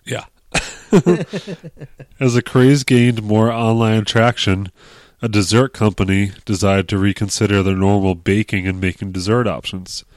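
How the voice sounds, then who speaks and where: A man's voice: fairly low pitch, steady tone, a little slow, dry recording, clean studio sound. A man from Connecticut co-hosting a podcast, joking around and reading an article aloud in casual chat. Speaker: podcast co-host.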